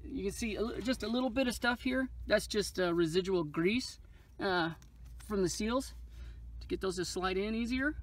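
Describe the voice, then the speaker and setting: A man's voice: high-pitched, moderate pace. A man hosting his own motorcycle channel, talking casually through a how-to with chatty, joking asides. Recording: distant echoey mic, faint noise.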